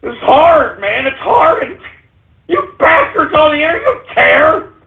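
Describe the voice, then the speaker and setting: A shrill frantic radio sidekick. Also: male voice, sing-song, unhurried, vocal fry, full character voice. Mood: pleading. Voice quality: whiny, shouting, exasperated ranting. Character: frantic shrill-voiced male radio sidekick, short-tempered. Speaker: radio show regular. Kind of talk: comedic radio rant. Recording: tinny phone-like audio.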